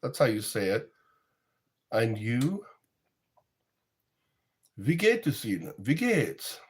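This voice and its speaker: Middle aged guy rambling on a stream, slow talker, voice jumps up and down a lot. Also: medium pitch, very animated. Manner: rambling, sings snippets and quotes in goofy voices. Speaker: streamer chatting with viewers. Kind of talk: casual chat.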